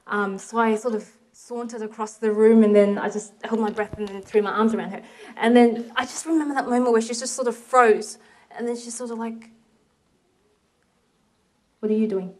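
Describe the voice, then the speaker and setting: A woman from Australia telling a personal family story in a reflective, anecdotal way, with soft laughs and quoted asides. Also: mid-range voice, rough recording.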